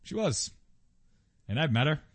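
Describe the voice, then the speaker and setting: Brief: male podcast host, slow and bouncy delivery, giggles a lot, dry close mic. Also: a little high, very animated, breathy edge, dry recording. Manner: laughs often, jokey, drawn-out delivery. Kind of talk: casual comedic chat.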